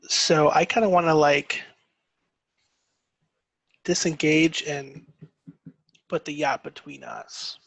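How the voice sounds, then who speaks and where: A player in a tabletop game, talking casually and deliberately about their next move. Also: medium pitch, steady tone, fairly bright tone, no room sound.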